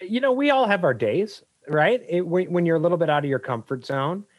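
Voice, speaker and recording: Middle-aged male coach, punchy and anecdotal, slightly high voice, dry sound. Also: fairly quick, no room sound. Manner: energetic, anecdotal, emphatic. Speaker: business coach guest. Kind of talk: interview answers.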